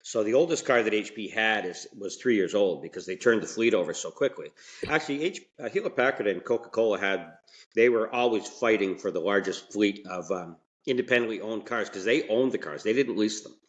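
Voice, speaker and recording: A man's voice: fairly low pitch, animated, fairly quick. A man telling stories as a podcast guest in a colloquial, rambling way, with frequent restarts and asides. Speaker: podcast guest, mechanic and franchise owner. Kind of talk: casual interview storytelling.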